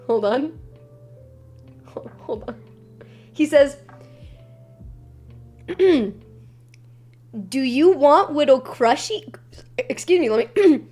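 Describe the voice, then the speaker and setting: A young woman streamer chatting casually and telling stories, swearing freely and animated. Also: a little high. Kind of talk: casual live-stream chat.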